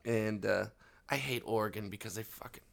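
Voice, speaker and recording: A man's voice: fairly low pitch, fairly quick, gravelly. A man chatting as a podcast guest, rambling through stories and swearing freely. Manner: profane, rambling storyteller. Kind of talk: casual chat.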